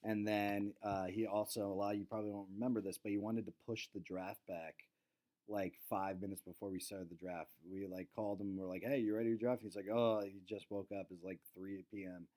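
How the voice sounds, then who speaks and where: A young man hosts a casual fantasy football recap in a low, level, dark-toned voice at a slightly fast pace. He's laid-back, says "um" a lot, and quotes his friends in raised voices.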